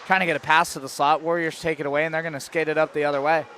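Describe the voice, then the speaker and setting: A man calling hockey play-by-play, firing off quick calls that jump to shouts on shots and goals. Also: fairly high pitch, little pitch movement, slight background noise. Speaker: play-by-play commentator.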